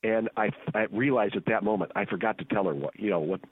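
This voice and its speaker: Husky-voiced male radio guest. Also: lowish voice, quick pace, phone-quality sound. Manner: relaxed, wry anecdote teller. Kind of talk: casual radio chat.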